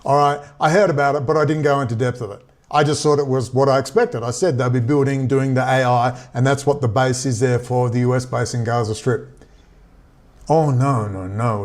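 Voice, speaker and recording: A man ranting in casual commentary, sarcastic and mocking, often jumping into high exasperated tones. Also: darkish tone. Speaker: vlogger.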